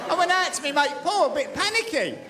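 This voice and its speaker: A stand-up comedian, telling a brash, mock-panicked story on stage. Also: male voice, very high-pitched, big pitch swings, fast, crowd noise. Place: live comedy venue with audience. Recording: loud audience laughter, noisy live room.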